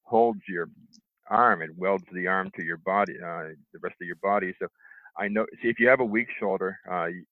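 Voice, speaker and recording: A middle-aged man telling how he recovered from a stroke, halting, with lots of restarts and fillers. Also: low-pitched, no echo. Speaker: stroke survivor interviewee. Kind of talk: telling his own recovery story. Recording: tinny phone line, dry.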